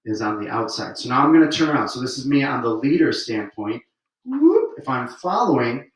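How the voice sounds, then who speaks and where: A man teaching a swing dance lesson, counting the beats out loud while he dances and demonstrates. His voice sits at a middling pitch and comes from some distance away from the mic. A strong echo from the room surrounds every word. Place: room where he dances on camera. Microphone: camera mic at a distance.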